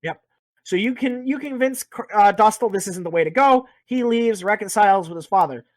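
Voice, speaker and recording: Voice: medium pitch, animated, moderate pace, no echo. A speaker casually recapping a video game's story, rambling, joking and swearing a lot. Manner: profane, rambling, jokey. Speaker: podcast host.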